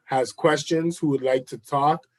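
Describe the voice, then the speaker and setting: Brief: man, enthusiastic guest pitching hard, repeats himself for emphasis. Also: steady tone, unhurried. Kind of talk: live chat interview.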